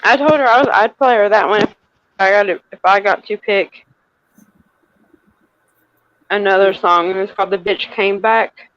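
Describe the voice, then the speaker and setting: A woman's voice: medium pitch, moderate pace, long pauses, fairly bright tone, no room sound, highs cut off. A woman joining a live stream remotely, joking and telling stories with a sassy edge. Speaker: call-in guest.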